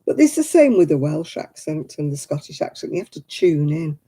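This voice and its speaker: A woman's voice: low voice, sing-song, fairly quick, dark tone, husky. A woman hosting a casual livestream chat, talking to viewers by name and laughing often. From England. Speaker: livestream host.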